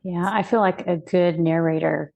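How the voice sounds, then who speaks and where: A woman's voice: on the low side, steady tone, normal speed, vocal fry, a little mellow, dull audio. A woman author hosting a podcast, who asks questions in a curious, friendly way. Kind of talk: casual podcast interview.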